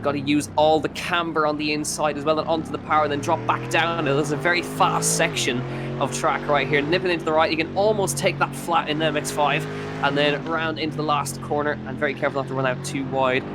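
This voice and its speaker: A man's voice: on the high side, little pitch movement, brisk, loud music behind the voice. A man with an Irish accent doing live commentary on a sim racing event, chatty with frequent fillers and self-corrections.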